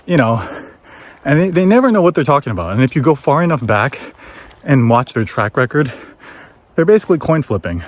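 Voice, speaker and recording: A man's voice: a little fast, long pauses. Man telling a story on a hike. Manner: animated, acts out quoted voices in high pitch. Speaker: former trader telling a story. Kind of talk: casual storytelling while hiking. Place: outdoors on a forest trail.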